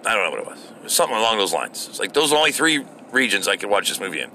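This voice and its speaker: Man, middle-aged, from the US, gravelly fry, sharp forceful tone, profane exasperated rant. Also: lowish voice, sing-song, rapid-fire, slight background noise. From United States. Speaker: podcast host. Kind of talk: casual solo rant.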